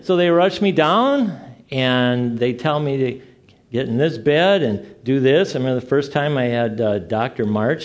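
Animated preacher man telling stories. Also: medium pitch. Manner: animated storytelling, acts out dialogue. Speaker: pastor. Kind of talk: sermon.

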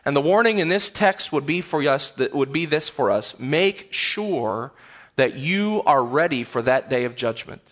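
Male pastor, sermon delivery, slightly high and bright, emphatic, repeats words for stress. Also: animated, a little slow. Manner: earnest, emphatic, repeats words while building a point. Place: church sanctuary.

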